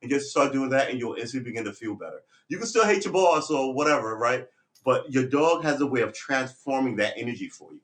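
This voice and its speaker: A man's voice: medium pitch, lively intonation, brisk, fairly bright tone. A man rambling casually on a live stream, talking to viewers and to his puppy, switching to firm commands.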